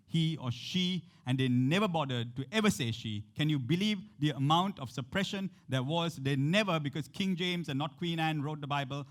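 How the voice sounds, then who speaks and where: Male pastor, lively sermon delivery, slightly high voice with a very wide pitch range, voices the characters he quotes. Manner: animated, acts out the quotes in shifting voices; speaks to the congregation directly, with frequent questions.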